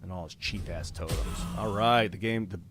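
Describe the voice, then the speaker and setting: Low-voiced man thinking aloud on a game stream. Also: moderate pace, music in the background. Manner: thinks aloud about moves, casual and profane; reads out donor names with rising excitement. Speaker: streamer playing a card game. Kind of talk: live-stream gameplay commentary.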